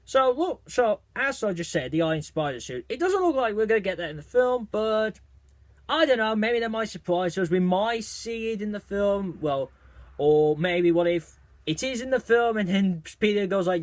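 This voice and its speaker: A man reviewing a movie trailer in a casual video, talking excitedly in a rambling way with lots of restarts and fillers. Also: sits high, normal speed, dry recording.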